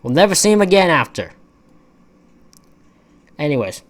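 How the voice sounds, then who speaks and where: A man's voice: fairly high pitch, sing-song, normal speed. A man giving a casual, rambling wrestling-show recap, full of opinionated and exasperated asides. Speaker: wrestling reviewer.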